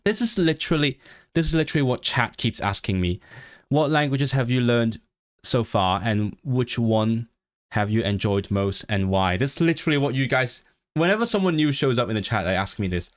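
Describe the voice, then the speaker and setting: A young man with a British English accent, originally from Hong Kong, talks to his livestream chat at a middling pitch. He thinks out loud, stumbling and restarting his sentences as he goes. The sound is dry and close, with no room echo. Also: animated. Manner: thinks aloud, halting, many restarts and self-corrections. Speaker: livestreamer and language learner.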